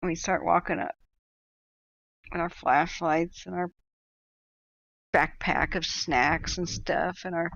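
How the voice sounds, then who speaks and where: A woman's voice: lowish voice, creaky, a bit bright, dry recording. Woman host spinning a long, chatty story at home on stream; dry, slightly muffled sound. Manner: rambling, chatty anecdote-telling with asides. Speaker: livestream host. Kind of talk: casual storytelling chat.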